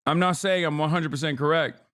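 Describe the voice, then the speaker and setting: A man's voice: on the high side, a little fast, a bit bright. A male livestream host giving combative, sarcastic and profane reaction commentary.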